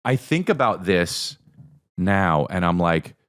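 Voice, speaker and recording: A lower-pitched man, maybe in his thirties or forties, tells a story on his podcast. His voice swings widely in pitch as he acts out the people in it, swearing freely and keeping it casual. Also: slow, clean tone. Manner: animated, profane, acts out quoted voices. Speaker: podcast host.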